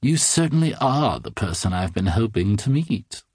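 A man voicing an odd, smug little man in a children's audiobook, speaking with slow, silky, unsettling politeness. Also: lowish voice, sing-song, a little mellow, husky, no echo, studio quality, heavily acted. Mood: smug, creepy.

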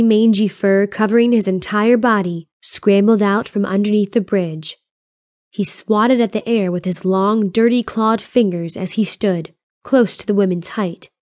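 A woman narrates a fantasy adventure in a steady, even storytelling voice, pitched at a middle level. The recording is close and dry, with no room sound. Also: no echo. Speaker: audiobook narrator. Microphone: close studio mic.

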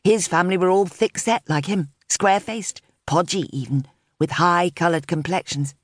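A woman narrates a contemporary novel in a steady, measured voice. Her pitch sits low for a woman. The recording is dry and close, with no room sound. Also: no room sound. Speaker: audiobook narrator. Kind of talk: scripted narration.

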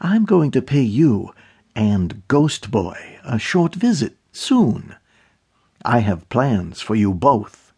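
A man's voice: mid-range voice, sing-song, takes it slowly, creaky, darkish tone, slightly rough, full character voice. A man narrating an audiobook voices a menacing male army officer who speaks in a clipped, taunting way. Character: menacing male Japanese war-criminal officer, clipped and cold.

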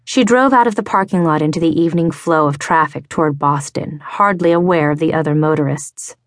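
A woman narrating a romance audiobook in a measured, even way, read into a close studio mic in a recording booth. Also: sits low. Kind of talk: scripted narration.

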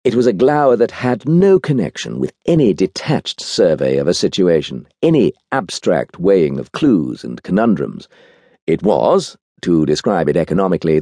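A man reading an audiobook aloud, telling the story in an expressive, wry way. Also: deep voice, gravelly, no room sound, clean studio sound. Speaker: audiobook narrator. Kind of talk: scripted audiobook narration.

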